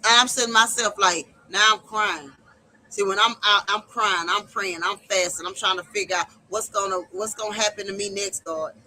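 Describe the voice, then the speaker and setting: A woman's voice: mid-range voice, fairly even intonation, moderate pace, sharp tone, low-quality recording. A woman hosting a livestream, giving impassioned, preacherly personal testimony about hard times and faith. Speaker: livestream host.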